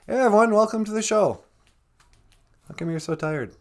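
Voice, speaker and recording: A man's voice: sits high, animated, moderate pace. A tired man hosting a comedic live stream in a laid-back, joking way.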